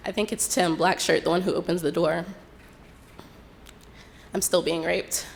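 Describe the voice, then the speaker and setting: A young woman telling a personal story in an unhurried, reflective way, acting out what others said. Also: lowish voice, steady tone, gravelly. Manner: unhurried, reflective retelling with quoted dialogue.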